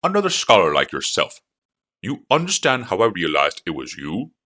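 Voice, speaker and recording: A man voicing a gruff bearded scholar with a low, rumbling voice and a pitch that rises and falls wildly. His speech is blunt and clipped and hearty. The performance has an audiobook storytelling feel. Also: huge pitch swings, normal speed, pushed and bright, full character voice. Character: gruff, bearded, lame older male scholar.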